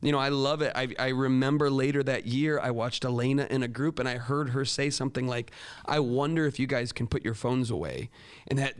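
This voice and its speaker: Earnest man telling classroom stories. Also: mid-range voice. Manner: acts out quoted dialogue in a raised voice; earnest, direct address to fellow teachers. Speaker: teacher. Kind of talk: talk to teachers with classroom stories.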